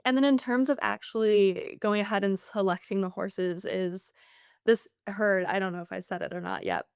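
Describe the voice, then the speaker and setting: Young woman grad researcher, chatty and relaxed, smooth clear voice, dry close mic. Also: mid-range voice, moderate pace, no room sound. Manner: relaxed, chatty with fillers like 'like'. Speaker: graduate researcher, guest. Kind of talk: casual interview explanation.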